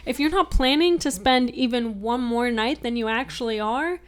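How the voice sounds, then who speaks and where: Higher-voiced woman musing about a film. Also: normal speed. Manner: expressive, groans and asks questions. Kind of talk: casual film discussion.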